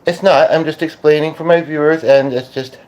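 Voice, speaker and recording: A Canadian man hosting a podcast as a medium, talking casually and haltingly with many restarts. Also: fairly high pitch, fairly even intonation, darkish tone. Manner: hesitant, full of restarts and fillers. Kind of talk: casual channeling monologue.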